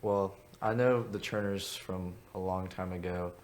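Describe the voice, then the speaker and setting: A man recalling a friend's family in a slow, measured personal tribute. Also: sits low, fairly even intonation. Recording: faint background hiss.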